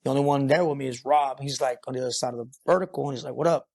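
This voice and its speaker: A man's voice: medium pitch, fairly even intonation, racing, gravelly, a little mellow. Profane, rambling construction foreman. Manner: rambling, profane, filler-heavy. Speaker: podcast guest, concrete foreman. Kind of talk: casual storytelling interview.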